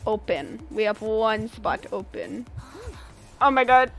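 A woman's voice: fairly high pitch, slow, vocal fry, soft background music, rough recording. A young woman streaming a video game live, chatting with viewers and breaking into exasperated outbursts as she plays. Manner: expressive, exasperated outbursts while playing. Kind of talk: casual live game commentary.

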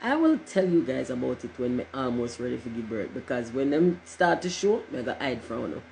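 A woman's voice: a bass voice, very animated, a little fast, gravelly, a little mellow, a little hiss or hum, low-quality recording. A middle-aged woman, chatting casually on a livestream in a rambling, joking way and cursing freely. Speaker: livestream host.

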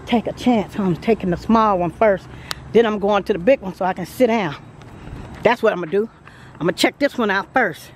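A woman's voice: mid-range voice, brisk, slight background noise. A Southern American woman giving a chatty home-tour vlog, talking straight to her viewers with frequent laughs, filmed on a handheld camera inside a show home. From Mississippi, USA. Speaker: vlogger. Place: indoors in show manufactured homes. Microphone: handheld phone camera, later a small tripod.

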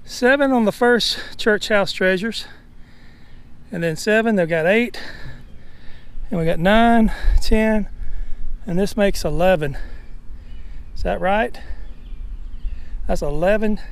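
Man, high voice, folksy, winded, outdoors, faint noise. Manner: folksy, chatty, many fillers. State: out of breath and overheated. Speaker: metal detecting vlogger and preacher. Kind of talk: casual outdoor vlog narration. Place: outdoors in a church back lot.

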